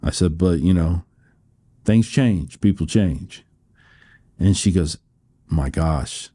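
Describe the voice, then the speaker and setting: An American man in his sixties appears as a guest on a podcast, telling his story in a storytelling interview. He rambles, laughs often, and restarts phrases, with a mellow, low voice and a slow pace.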